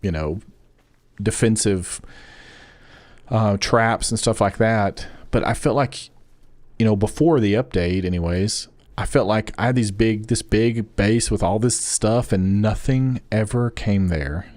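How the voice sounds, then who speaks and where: A young man chats his way through a game stream, rambling from thought to thought and calling out viewers by name. His voice sits on the low side. The sound is dry and close, with no room around it. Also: a little slow, a little mellow, dry recording. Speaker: gaming streamer. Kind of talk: casual live-stream chat.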